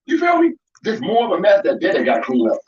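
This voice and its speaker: A man's voice: high voice, huge pitch swings, quick pace, darkish tone. A man in a played clip complaining and rambling, repeating himself about changing diapers. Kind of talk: complaining casual talk. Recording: echoey, distant, lo-fi clip.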